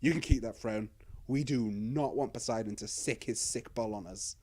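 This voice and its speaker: A man's voice: mid-range voice, moderate pace, a little mellow, natural voice. A man voicing a group of nervous royal brothers backing down in a hurry. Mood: spooked.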